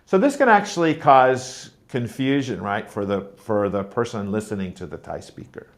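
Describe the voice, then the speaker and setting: In a lowish voice at normal speed, this male teacher trainer uses lively intonation to run a clear pronunciation lesson. He models syllable stress with sounds such as mm-mm and heavily exaggerated example words.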